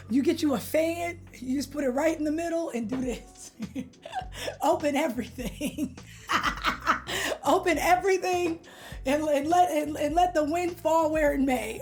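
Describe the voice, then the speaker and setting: A young woman from California chats with her live stream viewers in a bright, high voice. She talks loosely and playfully, full of slang, and greets people by name. Soft music plays quietly in the background. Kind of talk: casual chat with live viewers.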